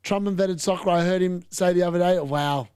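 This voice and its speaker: A man's voice: sits high, a little fast, a little mellow, clear, resonant tone, dry recording, studio quality. A man hosting a football watch-along, chatting casually and bluntly over live play with mild swearing. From Australia. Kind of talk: casual live match commentary.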